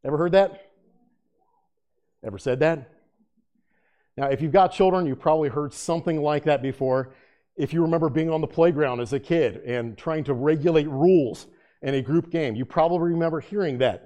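A man teaching a Bible study as pastor to a live room, joking and animated, turning hushed and earnest when he prays. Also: a little high, brisk. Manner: drops to a hushed, earnest tone in prayer. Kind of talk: conversational sermon.

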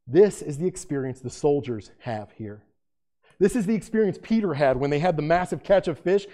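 A man's voice: on the high side, expressive, moderate pace, dark tone. A man preaching a sermon in a dramatic style, firing off repeated rhetorical questions and acting out the quotes he reads. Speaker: pastor.

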